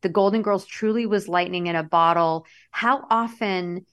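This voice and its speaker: A chatty, enthusiastic woman from Massachusetts talks casually as a podcast co-host. Her pitch sits in an ordinary middle range for a woman, and she gushes warmly about what she loves. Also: moderate pace. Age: adult, past her early twenties.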